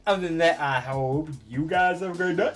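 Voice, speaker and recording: A man reacting to a show on his channel in casual talk, excitable and gushing, often breaking into laughter. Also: fairly high pitch, fairly quick, faint music behind.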